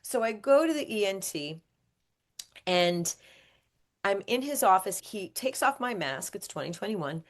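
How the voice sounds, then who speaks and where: A woman's voice: mid-range voice, measured pace. A woman being interviewed, telling a personal story candidly and animatedly. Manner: animated, acts out quoted speech. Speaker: guest, author.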